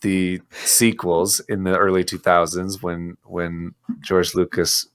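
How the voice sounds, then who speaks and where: Ranting, animated podcast co-host man. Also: sits low, slow, clean tone. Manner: animated, ranting, laughs often. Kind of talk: casual chat.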